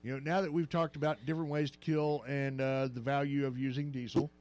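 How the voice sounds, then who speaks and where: Joking older radio host, faint music. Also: male voice, mid-range voice, level tone, a little fast, darkish tone. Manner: joking, rambling with many fillers. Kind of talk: morning radio talk. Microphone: studio microphone.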